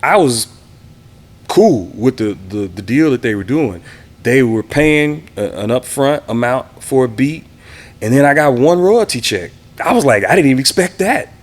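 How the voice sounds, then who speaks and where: A man in his fifties from the Houston area, telling relaxed stories as an interview guest and acting out what people said. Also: mid-range voice, measured pace. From Houston area, Texas. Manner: relaxed, reminiscing, acts out quoted voices. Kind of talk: casual interview storytelling.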